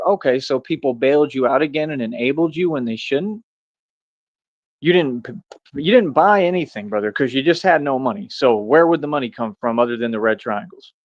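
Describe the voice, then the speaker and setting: A man's voice: mid-range voice, no echo, muffled recording. A man streaming a confrontational monologue, firing off repeated rhetorical questions in a casual street-talk way. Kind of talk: ranting monologue to camera.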